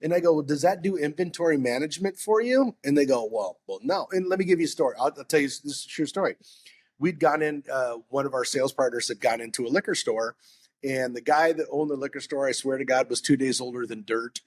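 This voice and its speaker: A man's voice: medium pitch, fast talker. A man on a sales podcast, talking casually and acting out both sides of customer conversations in his stories. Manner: animated storyteller acting out customer dialogue.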